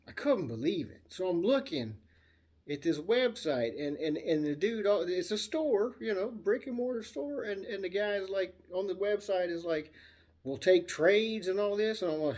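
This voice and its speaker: Rambling animated man telling a story. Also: high-pitched, normal speed. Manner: rambling, animated, acts out voices in anecdotes. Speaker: guitar channel host. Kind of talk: casual storytelling guitar demo.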